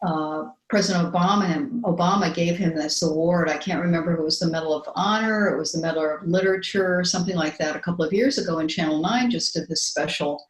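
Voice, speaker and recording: An older woman co-hosting a chat show, talking earnestly with many fillers and restarts, and reading a poem slowly. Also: lowish voice, roomy sound, rough recording. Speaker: podcast co-host. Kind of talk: casual chat and slow poetry reading.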